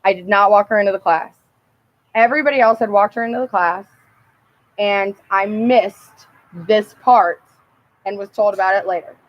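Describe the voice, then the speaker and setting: Young woman, casual vlog storytelling, profane, animated, outdoors, dull lo-fi recording. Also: mid-range voice, moderate pace, pauses often. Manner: profane, animated, laughs often. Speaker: vlogger.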